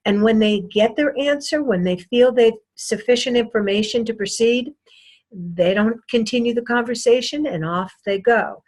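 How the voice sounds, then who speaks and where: A woman giving a recorded sales lesson, lecturing deliberately and repeating her key points for emphasis. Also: fairly high pitch, darkish tone. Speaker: sales trainer.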